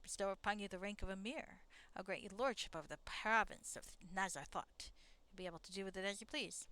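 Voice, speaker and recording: A woman's voice: medium pitch, a little fast, sharp tone, no echo, natural voice. A woman voicing a scheming deposed male caliph who keeps offering bribes in a wheedling way. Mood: bargaining. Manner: wheedling, bribing.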